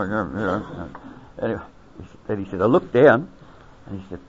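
A man's voice: on the low side, animated, normal speed, long pauses, a little hiss or hum. An older Australian man, an army veteran, telling a rambling anecdote with chuckles, acting out the quoted voices. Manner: chuckling, acts out quoted voices, lots of fillers. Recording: dull lo-fi recording.

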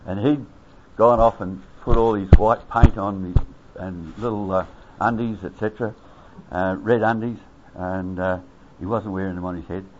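Older Australian veteran, low-voiced yarn-spinner who chuckles and voices the people in his story, dull lo-fi recording. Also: steady tone, normal speed, background noise. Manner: chuckling, acts out quoted voices, lots of fillers. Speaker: army veteran telling an anecdote. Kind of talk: rambling spoken anecdote.

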